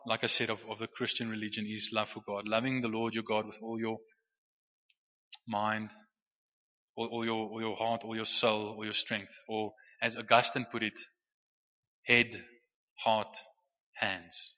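A man preaches in a loose, conversational way, tripping over repeated words as he teaches. His voice is very bright and forward. The sound is a little muffled, with a long reverb trailing off a church hall. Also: fairly low pitch, little pitch movement, a little slow, pauses often. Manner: conversational with frequent restarts and stammered repeats. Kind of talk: sermon teaching.

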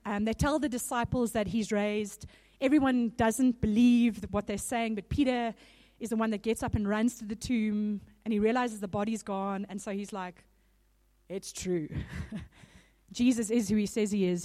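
A woman giving a sermon in a casual, animated storytelling manner. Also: medium pitch, moderate pace. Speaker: speaker. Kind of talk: conversational sermon.

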